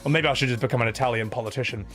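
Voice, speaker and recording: A man's voice: medium pitch, rapid-fire, faint music behind. A man chatting casually on a live stream, reading out viewer messages and answering them with sarcastic, swearing rants. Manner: animated, sarcastic, swears, says "man" a lot. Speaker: streamer reading super chats.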